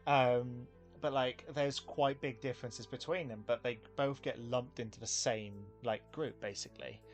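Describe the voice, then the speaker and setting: A man's voice: mid-range voice, steady tone, moderate pace, soft background music. An English man hosting a casual podcast chat, rambling and laughing often between restarts. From England. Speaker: podcast host.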